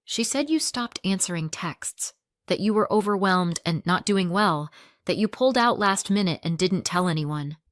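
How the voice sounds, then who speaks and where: A woman's voice: lowish voice, lively intonation, moderate pace, no echo, natural voice. A woman voicing a kind, hesitant fellow school mom who speaks carefully, in a plain voice close to her own. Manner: careful, gentle.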